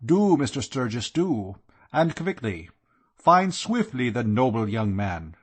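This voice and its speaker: A man's voice: mid-range voice, very animated, slow, breathy edge, exaggerated voice. A man voicing a stiff, formal male German count with a German accent, speaking in a courtly, ceremonious way. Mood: earnest.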